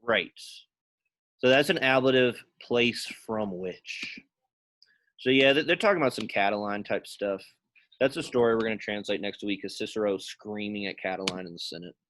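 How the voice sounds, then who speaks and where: A man's voice: fairly low pitch, moderate pace, a bit bright, slight background noise. Casual man teaching a classroom lesson. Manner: casual, quizzing students by name and thinking aloud. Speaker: Latin teacher.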